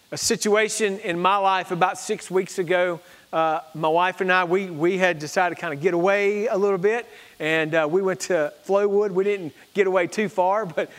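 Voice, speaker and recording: Earnest high-voiced pastor preaching. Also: male voice, a bit bright, big-room sound. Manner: earnest, storytelling, with prayerful repetition. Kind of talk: sermon.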